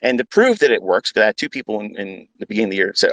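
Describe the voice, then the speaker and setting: A man's voice: on the low side, sing-song, very fast, a bit bright, no room sound, rough recording. A man teaching trading as a mentor, ranting bluntly with heavy swearing and repetition. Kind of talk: unscripted profane rant.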